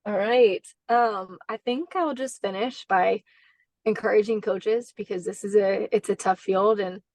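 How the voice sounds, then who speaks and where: A woman's voice: mid-range voice, steady tone, measured pace, darkish tone, no echo. Woman, basketball coach, podcast guest, earnest storytelling, frequent restarts, dry close sound. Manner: earnest, heartfelt, many fillers and restarts. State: briefly emotional. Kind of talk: conversational interview storytelling.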